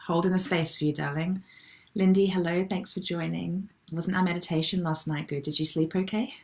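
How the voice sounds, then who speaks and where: A middle-aged woman hosting a live online wellbeing session, gently and affectionately reading out viewers' comments and replying to them. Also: lowish voice, fairly even intonation, moderate pace, vocal fry. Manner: gentle, affectionate, calls people darling.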